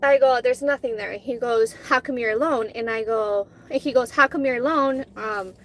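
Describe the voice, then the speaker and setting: A woman's voice: a little high, normal speed, a little hiss or hum, rough recording. Candid woman chatting to viewers. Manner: candid, swears freely, acts out dialogue. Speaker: vlogger. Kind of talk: casual chat with live viewers.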